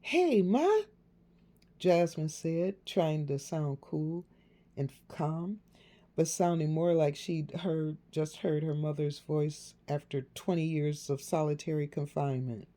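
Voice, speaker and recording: A woman narrating a novel in a measured storytelling delivery. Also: deep voice, steady tone, mellow. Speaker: audiobook narrator.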